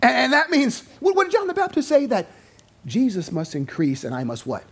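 A man's voice: very high-pitched, brisk, slightly rough. A male pastor preaching a sermon to his congregation, acting out quoted voices as he goes. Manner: animated, acts out quotes in voices. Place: church sanctuary.

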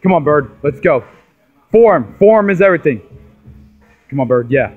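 A man's voice: on the high side, lively intonation, normal speed, narrow, tinny audio, soft background music. A man coaching a lifter through deadlift sets in a gym, barking short urgent commands. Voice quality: urgent, commanding, repetitive cues. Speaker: lifting coach. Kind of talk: gym coaching, shouted encouragement.

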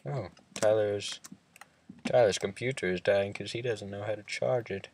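A man's voice: lowish voice, fairly even intonation, moderate pace, darkish tone, a little hiss or hum. A man hosting a casual gaming chat, teasing his friend and talking in a put-on accent. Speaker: host.

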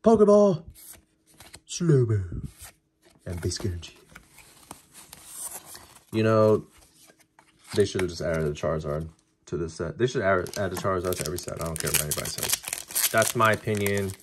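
A man casually talking through a card-opening video, chatty and excitable as he reacts to each pull. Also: low voice, normal speed, long pauses, slight background noise.

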